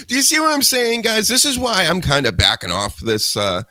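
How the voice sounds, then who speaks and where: A man's voice: high-pitched, moderate pace, few pauses, dry recording. A man hosting a wrestling talk podcast, ranting casually with a lot of swearing. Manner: profane, animated ranting. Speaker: podcast host.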